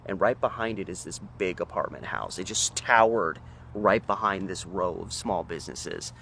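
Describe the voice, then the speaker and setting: A man's voice: on the low side, slight background noise. A man in his thirties from Oregon, telling a story from his childhood in a rambling, casual way with many fillers. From Oregon, USA. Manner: rambling, animated when excited, many fillers. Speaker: local history vlogger.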